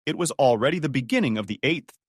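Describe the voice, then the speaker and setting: A man's voice: medium pitch, lively intonation, quick pace, breathy edge, no room sound, clean studio sound. A man doing scripted dramatic narration in an emphatic manner.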